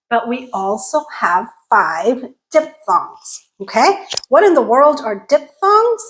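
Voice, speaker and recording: Slow, high-voiced woman teaching pronunciation. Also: rough recording. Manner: drills sounds slowly, often checks in with "okay?". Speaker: English accent teacher. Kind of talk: pronunciation lesson.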